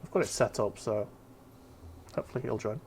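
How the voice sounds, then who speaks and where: A man's voice: on the low side, a little fast, creaky, a little mellow, a little hiss or hum. Chatty man hosting a stream. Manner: chatty, swears, fumbles with setup. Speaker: stream host. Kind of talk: casual chat while painting.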